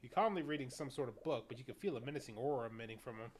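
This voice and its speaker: A young man streaming a visual novel, reading the narration aloud and chatting in a relaxed, jokey way. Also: medium pitch, racing, slight background noise. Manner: relaxed, jokey, swears casually.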